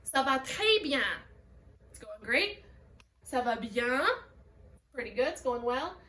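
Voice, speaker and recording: High-voiced woman teacher in an echoey room. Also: big pitch swings, takes it slowly, pushed and bright. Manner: explains step by step, modelling French words and phrases. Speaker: French teacher. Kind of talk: recorded video lesson. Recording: echoey room, voice a bit far from the mic.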